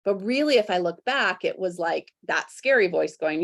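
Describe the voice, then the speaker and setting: A woman hosting a podcast, reflective and candid, who acts out her inner voices with sudden high jumps. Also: animated, normal speed, vocal fry, fairly bright tone. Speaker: podcast host. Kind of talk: conversational interview.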